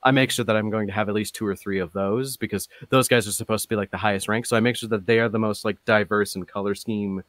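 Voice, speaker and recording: Casual male talker, lowish voice, loose and rambly with lots of ums, dry close mic. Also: quick pace, hardly any pauses, no echo. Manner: rambling, many fillers and restarts, gets animated. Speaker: podcast guest. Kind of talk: casual chat.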